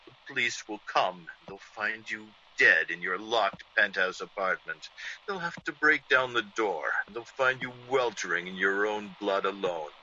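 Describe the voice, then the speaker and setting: A man's voice: on the low side, animated, unhurried, sharp tone, slight background noise, heavily acted. A man voicing Kerrigan, a gloating ex-convict villain. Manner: sneering, theatrical villain with gloating laughs. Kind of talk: 1940s radio acting. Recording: dull old radio recording.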